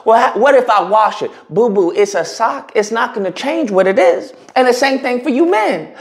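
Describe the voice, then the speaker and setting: High, animated man ranting mockingly. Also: moderate pace, few pauses. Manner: mocking, provocative, emphatic. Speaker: commentary YouTuber. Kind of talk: blunt opinion commentary.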